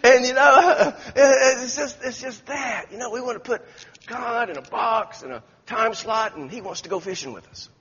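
This pastor's voice is very high with a fairly bright tone and a breathy edge, and he speaks at a normal speed. His sermon in the church sanctuary is made of folksy stories with many restarts, recorded in dull lo-fi with an echoey hall.

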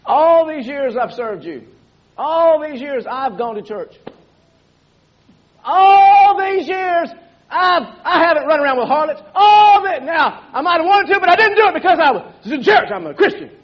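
A man's voice: very high-pitched, animated, moderate pace, voice pushed up. A man voicing a resentful, self-righteous elder brother who complains in an indignant rush. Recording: dull lo-fi sermon recording.

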